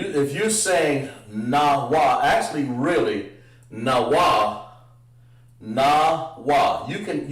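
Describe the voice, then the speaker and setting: A man leads a livestreamed language lesson at a slow, deliberate pace, drawing out syllables in drills. He breaks off for chatty asides to viewers. He sits back from the mic in a roomy space that echoes. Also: fairly high pitch. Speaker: instructor. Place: room, livestream. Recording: roomy echo, far from the mic.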